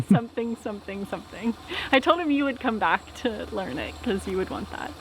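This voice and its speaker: A woman's voice: medium pitch, animated, moderate pace, noisy background. A woman chatting casually as a travel vlogger on a canal narrowboat trip, bubbly and laughing often. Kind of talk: casual vlog chat.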